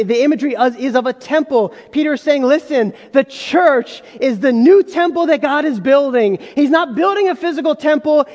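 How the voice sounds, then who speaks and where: A man preaching a sermon as pastor, talking conversationally and addressing the congregation with asides. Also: extremely high pitch. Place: church sanctuary. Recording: long hall reverb.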